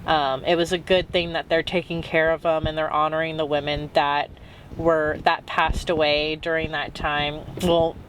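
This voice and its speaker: A woman's voice: deep voice, flat delivery, moderate pace, slight background noise, low-quality recording. A woman recapping her travels in a casual, rambling way, full of "um"s and "like"s. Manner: chatty and rambling, with many "um"s and "like"s. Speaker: travel vlogger.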